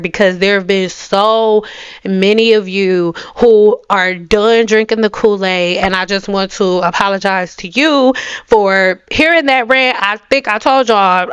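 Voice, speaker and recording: A young woman vlogs to her camera in a slightly high, very smooth and resonant voice. She is blunt and sassy and leans hard on her words. The sound is dry and close, with no room echo. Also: fairly bright tone. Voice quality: playful mocking voices. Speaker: hair care vlogger. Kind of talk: direct-to-camera rant.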